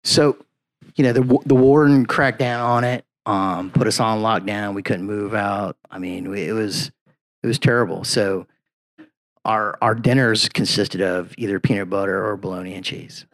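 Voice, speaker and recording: A man talks as a guest on a podcast. He rambles through his stories and keeps tossing in "man" and "you know". The conversation is relaxed and unscripted. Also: on the low side, normal speed. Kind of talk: casual podcast chat.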